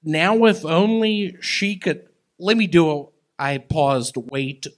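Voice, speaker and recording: A man doing stand-up on stage, with a slow, halting, awkward delivery full of odd pauses. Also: a little high, animated. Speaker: comedian. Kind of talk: live stand-up and crowd banter. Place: comedy stage with live audience.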